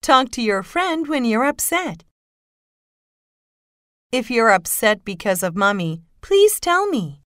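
A woman slowly reading a mother's example sentences, carefully enunciated. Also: fairly high pitch, very animated, bright, forceful tone, no room sound, clean studio sound. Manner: slow, lilting, carefully enunciated. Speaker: narrator voicing a mother's lines. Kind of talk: slow scripted phrase reading.

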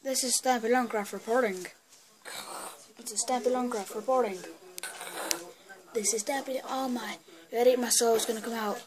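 A woman's voice: a little high, steady tone, moderate pace, long pauses, heavy background noise. A woman casually talking through a screen-recorded tutorial on a built-in computer mic. She clowns around and mutters to herself as she clicks. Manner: goofy, clowning, muttering asides while clicking. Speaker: vlogger.

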